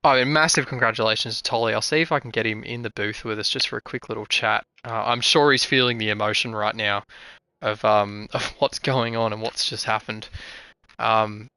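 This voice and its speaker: A man hosts and calls a live sim racing broadcast. His voice is bright and forceful. The sound is dead dry, right on the mic. He gets excitable and calls with rising urgency. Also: lowish voice, fairly quick, smooth, no room sound. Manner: excitable, builds to shouting at the finish. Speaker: race commentator and host.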